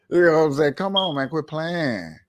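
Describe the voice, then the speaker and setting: Animated, rambling man commenting on clips. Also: fairly high pitch. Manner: animated, repetitive, rambling rants; talks to viewers while playing a clip. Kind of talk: casual commentary.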